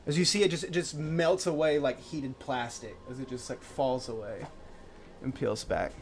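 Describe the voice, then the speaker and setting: A man narrating a tabletop game as game master, lively and full of restarts. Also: mid-range voice, normal speed, slight background noise. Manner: animated, restarts often.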